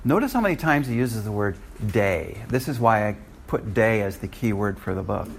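A man's voice: on the low side, animated, normal speed, creaky, a little hiss or hum. An older man teaching a Bible study in a conversational way, often restarting his sentences.

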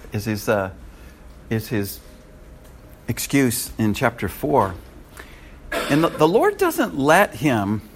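A man preaching a sermon in an animated way, with frequent chuckling asides. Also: mid-range voice, a little hiss or hum.

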